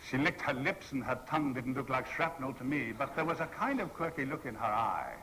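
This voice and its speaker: A man's voice: medium pitch, lively intonation, a little fast, bright, forceful tone, a little hiss or hum, low-quality recording. A man telling wry, self-mocking stories to an audience as a convention panel guest, in a theatrical way. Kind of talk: anecdotal storytelling to an audience.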